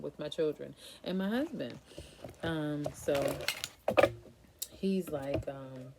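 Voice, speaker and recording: A woman's voice: low voice, takes it slowly, creaky, long pauses, very noisy. A young woman vlogger casually telling a frightening personal story, with many fillers and nervous laughs.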